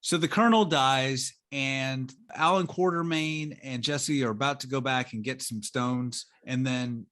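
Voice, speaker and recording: A man's voice: mid-range voice, unhurried, hardly any pauses, a bit bright. A man co-hosting a casual movie review podcast, recapping scenes in a rambling, chatty way with lots of fillers. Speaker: podcast co-host.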